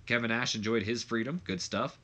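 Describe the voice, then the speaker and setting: A man gives casual, rambling commentary over a wrestling management game, full of fillers. His medium-pitched voice is pushed and bright, moving a little fast.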